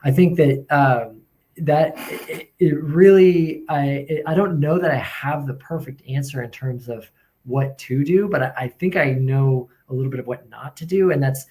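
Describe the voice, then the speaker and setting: A male pediatrician, a guest on a podcast, explaining things in a casual way with frequent pauses, restarts and everyday comparisons. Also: fairly high pitch, a little mellow. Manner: hesitant, restarts often, explains with analogies.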